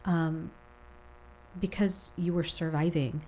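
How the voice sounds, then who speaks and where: A woman hosting a heartfelt podcast interview, guiding her guest through slow, soothing reflections. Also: deep voice, steady tone, darkish tone, slight background noise, rough recording. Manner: slow, soothing guided reflection with long lists. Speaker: podcast host.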